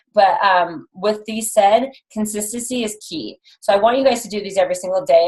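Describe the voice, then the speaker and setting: A young woman in her twenties coaching her team on a call. She talks in a chatty, encouraging way and leans on casual fillers. Her voice sits at an ordinary middle pitch. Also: low-quality recording. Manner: chatty, upbeat, lots of likes and ums. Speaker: coach trainer. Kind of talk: motivational call to a sales team.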